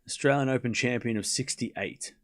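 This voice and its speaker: Man, streamer, casual chat, sarcastic, teasing, rambling, middle pitch. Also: moderate pace. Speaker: streamer hosting a tennis watchalong. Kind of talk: casual live-stream chat answering viewers.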